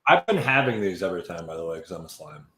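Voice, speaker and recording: A man's voice: sits low, sing-song, fast, fairly bright tone. A man playing in a tabletop game, talking hesitantly and jokingly in casual play. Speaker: player. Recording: roomy echo.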